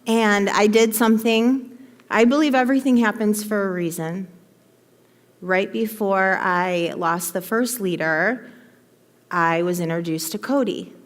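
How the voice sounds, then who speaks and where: A woman telling a heartfelt personal story to her team in an emphatic, animated way, in front of a live audience. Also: medium pitch, slow, long pauses. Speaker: motivational speaker to her team. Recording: long hall reverb.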